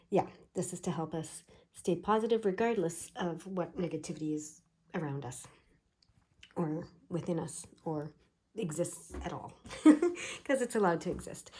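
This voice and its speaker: Woman tarot reader: casual, chatty, digressive, scratchy throat she keeps clearing; warm, lowish voice. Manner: chatty, digressive, frequent fillers. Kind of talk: casual pick-a-pile card reading.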